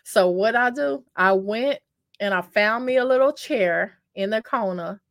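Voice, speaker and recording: A woman's voice: mid-range voice, measured pace, no room sound. Chatty woman telling a story, dry sound. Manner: chatty and self-mocking, addresses listeners as "y'all"; talks with many fillers and repeats. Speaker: vlogger telling a dating story. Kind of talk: casual storytelling to camera.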